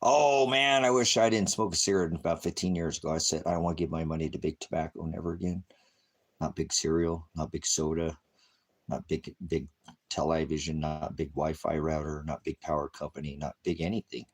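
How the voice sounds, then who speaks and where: A man's voice: extremely low pitch, steady tone, brisk. A man hosting a rambling livestream, cracking jokes, swearing freely and urging viewers to act. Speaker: livestream host. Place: high desert home.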